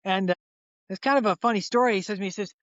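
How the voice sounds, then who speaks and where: A man in his sixties, a chiropractor guest, telling a patient story in lively conversational style. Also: high voice, very fast, dry recording, muffled recording. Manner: animated storyteller, acts out quoted voices, frequent restarts.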